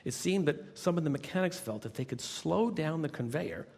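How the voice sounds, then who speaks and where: A man, a motivational speaker, telling a workplace anecdote in lively storytelling narration. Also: fairly high pitch, moderate pace, gravelly. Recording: reverberant recording.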